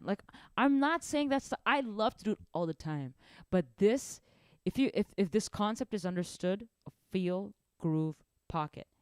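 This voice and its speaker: A young woman giving a casual drum lesson, animated and rambling, often restarting her sentences. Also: mid-range voice, smooth, dry recording, clean studio sound. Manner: animated, rambling, self-correcting. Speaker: drum teacher.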